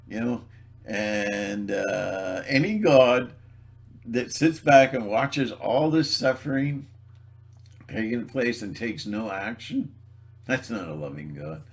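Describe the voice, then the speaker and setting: A man in a rambling solo video monologue, sarcastic and mocking, laughing at his own jokes and stumbling over repeated words. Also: on the low side. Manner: halting, repeats words and restarts. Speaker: video blogger.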